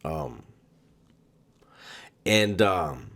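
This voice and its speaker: A man casually recounting a personal story, halting often with ums and repeated words in an unhurried, conversational delivery. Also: low-pitched, animated, a bit bright. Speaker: storyteller recounting prison experiences.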